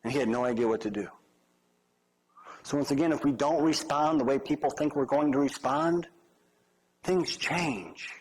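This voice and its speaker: A man's voice: medium pitch, moderate pace, long pauses, a little mellow, rough recording. A male pastor giving a conversational sermon with humorous asides.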